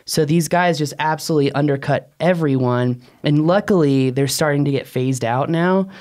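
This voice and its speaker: A man co-hosting a casual podcast discussion, animated, his pitch jumping up, laughing often. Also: moderate pace. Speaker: podcast co-host, drone pilot.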